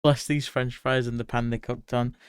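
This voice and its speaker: Smooth-voiced British man chatting on stream. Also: mid-range voice, flat delivery, moderate pace, no echo, studio quality. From Britain. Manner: reads chat aloud and answers viewers by name, chatty. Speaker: art streamer. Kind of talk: casual livestream chat while drawing.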